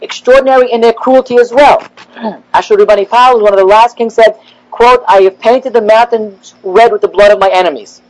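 A man, a rabbi, giving a classroom lecture, animated and rising in pitch as he acts out the prophets' complaints. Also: normal speed, poor audio.

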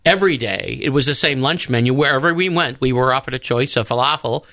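A man, a priest, is a guest on a radio talk show, telling rambling travel stories and restarting his sentences. His voice is gravelly and bright with a forceful edge. The studio sound is close and dry. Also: mid-range voice, fast talker, no room sound. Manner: rambling storyteller, restarts often. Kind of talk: casual radio discussion.

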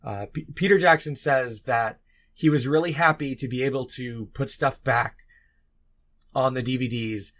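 A man's voice: medium pitch, normal speed, fairly bright tone. A young man co-hosting a casual podcast chat, making dry, wry asides. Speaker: podcast co-host.

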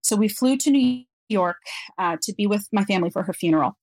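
A woman guest on an interview podcast, telling a personal story in an earnest, reflective way with frequent pauses. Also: medium pitch, animated, a little mellow, no echo.

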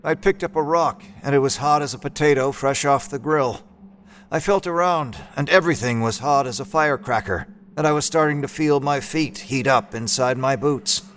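A man's voice: medium pitch, moderate pace, fairly bright tone, slight background noise. A man narrating an audio drama in the first person, with a folksy old-timey drawl and a laid-back, wry manner.

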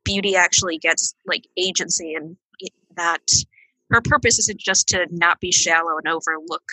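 A woman's voice: fairly low pitch, fairly even intonation, normal speed, bright, forceful tone, slightly rough, no room sound, low-quality recording. A woman on a casual podcast chat, plain-spoken and enthusiastic. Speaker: podcast guest.

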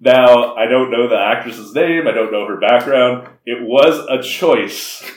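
A man's voice: mid-range voice, a little slow. A man co-hosting a podcast, recapping a movie in casual chat, laughing often and acting out the characters' lines. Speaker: podcast co-host. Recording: echoey room, voice a bit far from mic.

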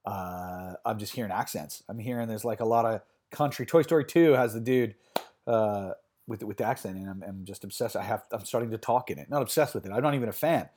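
A man's voice: lowish voice, brisk, darkish tone. A man hosting a betting podcast in casual chat, rambling with many fillers and restarts. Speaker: podcast host.

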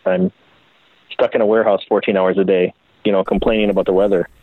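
In a fairly low voice and at a fast clip, a custom bike builder from the Minneapolis area tells stories during an interview, keeping it casual, profane, and self-deprecating. The recording is dry and phone-like.

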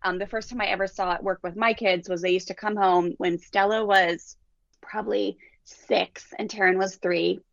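A woman's voice: medium pitch, moderate pace, gravelly, no echo. A woman in her forties, a parenting coach, telling stories in a casual interview and acting out the quotes. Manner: animated, acts out quotes in different voices. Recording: dull dry lo-fi recording.

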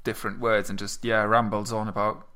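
A man's voice: on the low side, little pitch movement, brisk, bright, forceful tone, clean tone. Modest, tentative man co-hosting a chat. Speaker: podcast co-host. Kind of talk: casual discussion.

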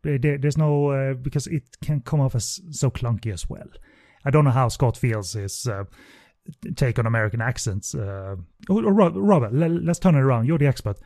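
A man with a mellow, warm tone talks through a film review, pausing and restarting his thoughts often. The recording is close and dry, with no room sound. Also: mid-range voice, no room sound. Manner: hesitant, many fillers and restarts. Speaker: podcast host. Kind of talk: casual film review chat.

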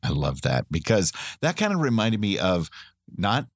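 Chatty man with a low, dry voice. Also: wildly swooping pitch, normal speed, no room sound. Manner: chatty, rambling, laughs often. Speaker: podcast co-host. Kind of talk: casual chat.

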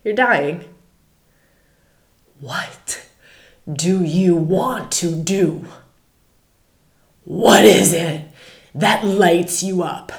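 A woman guiding listeners through questions on a spiritual podcast, her voice sitting a little low. She talks candidly and loosely, swearing, laughing and tossing in a rhetorical "right?" The room around her rings with a noticeable echo. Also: drawn-out words, creaky, pauses often. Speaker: podcast host and spiritual guide. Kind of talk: casual spiritual podcast talk.

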